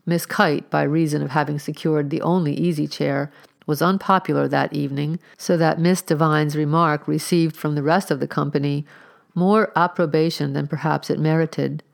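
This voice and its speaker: A woman narrating a storybook in a measured, wry manner. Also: low voice, steady tone, vocal fry. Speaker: audiobook narrator. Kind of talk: scripted narration.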